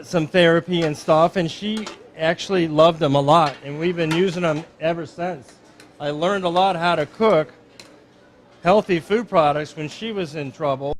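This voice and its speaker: A middle-aged man working as a chef, giving a live cooking demonstration at a dinner event. He is upbeat and chatty, and he explains each step as he goes. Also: sits high.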